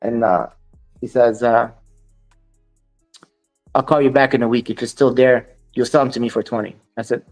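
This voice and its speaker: A man's voice: medium pitch, steady tone, normal speed, long pauses, faint music behind. A man as an interview guest, a dog breeder, talking bluntly and quoting others as he tells his stories. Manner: blunt, dismissive of critics, quotes others in dialogue. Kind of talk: storytelling interview.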